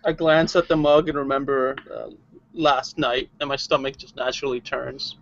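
A man's voice: medium pitch, little pitch movement, moderate pace, creaky. Hesitant male player, lo-fi. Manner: hesitant, stumbling talk. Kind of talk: casual tabletop play. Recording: dull lo-fi recording.

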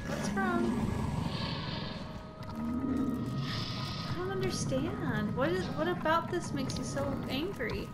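A woman's voice: high voice, huge pitch swings, slow, long pauses, loud music behind the voice. A woman giving casual, swearing let's-play commentary and talking to the creature on screen. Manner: chatty, frequent swearing, talks to the game creature. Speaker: gaming video creator. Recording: voice over loud game audio.

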